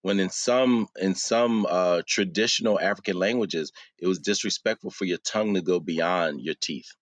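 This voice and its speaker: Animated man with a low, dry voice. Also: normal speed, no echo. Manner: animated storyteller, many fillers. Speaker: podcast co-host. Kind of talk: casual chat.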